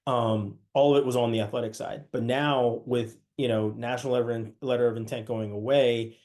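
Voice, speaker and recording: Male podcast host, casual and chatty, mid-pitched, talks in loose asides. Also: steady tone, normal speed, a little mellow. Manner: conversational, many restarts and asides.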